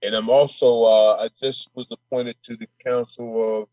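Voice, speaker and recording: A male state representative from Minnesota joins a casual podcast conversation, his medium-pitched voice mellow and level at normal speed. As he gets fired up he turns brash and impassioned, repeating and stumbling over words. There's no room sound, and the audio is dull.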